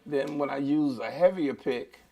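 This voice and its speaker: A man teaching a live beginner guitar lesson, chatty and relaxed, talking straight to his viewers. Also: medium pitch, a little slow.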